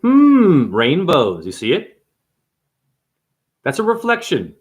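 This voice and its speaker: A man ranting to camera in an improvised, preachy monologue, swearing freely, firing off rhetorical questions and slowing down hard to hammer points home. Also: medium pitch, lively intonation. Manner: profane, emphatic, rhetorical questions; slows down hard for emphasis. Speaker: spiritual vlogger and store owner.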